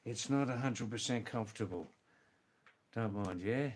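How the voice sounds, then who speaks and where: A man's voice: medium pitch, normal speed. A man hosting a live stream, casually chatting with viewers, greeting them by name and repeating exclamations. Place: seated indoors.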